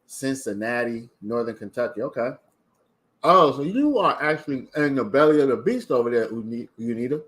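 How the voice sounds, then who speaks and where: A man's voice: medium pitch, animated, moderate pace, fairly bright tone. A man from Maryland hosting a casual livestream, chatting and reading out viewer comments. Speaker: livestream host.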